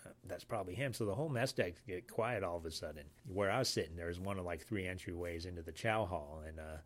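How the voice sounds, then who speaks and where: Man, deep low voice, from Alaska, navy sailor, casual storytelling, rambling with fillers. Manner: rambling, halting, many fillers. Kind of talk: casual spoken anecdote.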